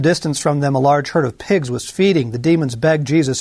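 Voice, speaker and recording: A man teaching from the Bible in a relaxed, conversational way, acting out quoted lines with lively jumps in pitch. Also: fairly quick, no echo. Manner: conversational, animated, acts out quotes with shifts in pitch.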